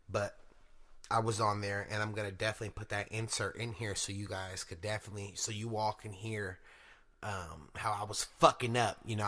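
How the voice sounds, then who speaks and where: A man's voice: on the low side, bright, forceful tone. A young man from Sacramento hosting his own podcast, talking to listeners in a loose, profane, slang-heavy monologue. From Sacramento, California. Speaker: podcast host.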